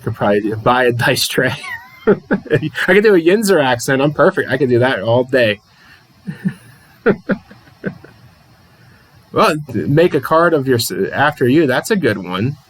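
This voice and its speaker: A man's voice: medium pitch, breathy edge, rough recording. A man from the Pittsburgh area hosting a livestream, calling a tabletop wrestling card game play by play, reading chat and laughing often at himself. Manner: chatty, laughs often, self-deprecating.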